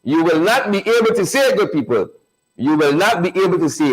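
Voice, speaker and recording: On a live online show, a man with a high, very animated voice talks at a normal pace, repeating phrases and hyping up the viewers he greets by name. The audio quality is poor.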